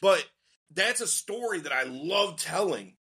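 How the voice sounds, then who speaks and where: Animated man with a bright voice. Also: high voice, measured pace, slightly rough. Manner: animated, slangy storyteller who acts out quotes. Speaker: dating coach guest. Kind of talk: casual podcast storytelling.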